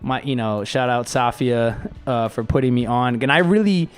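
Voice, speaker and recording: A man's voice: mid-range voice, moderate pace, faint music behind. A man from Florida hosting a podcast in casual chat, joking and laughing often. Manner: laughing, joking, animated banter. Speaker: podcast host.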